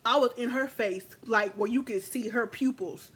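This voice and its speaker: Sassy woman vlogger with a high voice, chatting straight to the viewer. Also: normal speed, slightly rough. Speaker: makeup vlogger. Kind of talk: casual story time chat.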